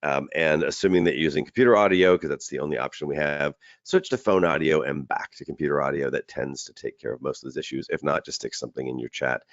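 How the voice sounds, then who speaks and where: Low-voiced guy hosting a webinar, rambly, dry muffled web call sound. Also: fast, hardly any pauses, no room sound. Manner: chatty, rambling with restarts. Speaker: webinar host. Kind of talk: casual webinar presenting. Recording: dull lo-fi web call audio.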